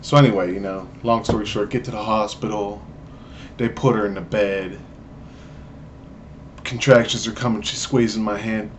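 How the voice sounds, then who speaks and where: A young man vlogging at home, telling a story with animated delivery and acted-out voices. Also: moderate pace, pauses often, slight background noise. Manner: animated, acts out voices, jumps high in pitch for emphasis.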